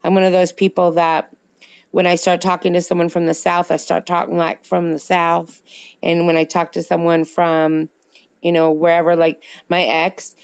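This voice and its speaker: A woman's voice: lowish voice, darkish tone, clean tone, no room sound. A woman with a slight New Jersey accent, co-hosting a casual late-night live chat and rambling to viewers in the chat. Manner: chatty, rambling, answers viewer comments. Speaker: livestream co-host. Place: home in California at night.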